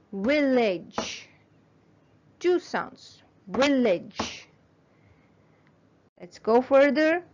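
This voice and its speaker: A woman teaching a children's phonics lesson, sounding words out slowly and patiently. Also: fairly high pitch, dull audio.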